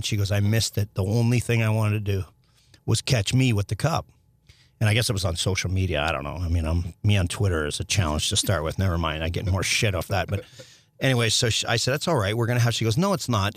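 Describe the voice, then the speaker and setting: A middle-aged man, a former hockey player, telling stories as a podcast guest in a rambling, animated way with restarts and some swearing. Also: lowish voice, fast talker, no echo. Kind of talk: casual storytelling interview.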